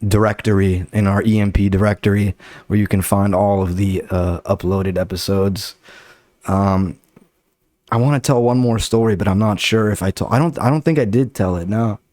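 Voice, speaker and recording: This young Los Angeles-area comedian has a lowish, darkish voice and speaks at a moderate pace on his podcast. Storytelling solo and casually, he rambles, swears, and voices the characters in his tales, with clean studio sound and no room echo.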